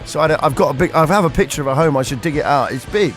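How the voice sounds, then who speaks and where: A man's voice: on the high side, rapid-fire, soft background music. A man hosting a radio show, telling rambling anecdotes in casual chat. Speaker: radio host.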